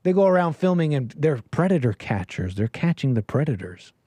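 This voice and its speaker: A man hosting a livestream, ranting in commentary style with animated bursts and lots of restarts. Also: a little high, no echo. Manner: animated, rapid restarts, sudden loud bursts. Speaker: livestream host.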